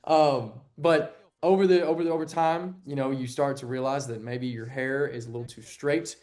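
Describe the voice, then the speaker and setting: A young man from Texas sits in as a podcast guest, telling long stories in easy casual talk. He gets animated and jumps up in pitch whenever he acts out what others said, then drops back to a relaxed, mid-pitched voice. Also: normal speed. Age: young adult. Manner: animated storyteller, acts out quotes with a jump in pitch. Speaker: guest, TV sports anchor. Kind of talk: casual interview chat.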